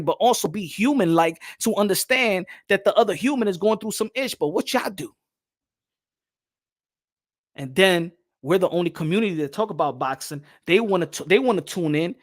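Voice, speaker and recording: High bright-voiced man ranting. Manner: fired-up, profane, mocking impressions. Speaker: boxing channel host. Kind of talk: heated rant to viewers.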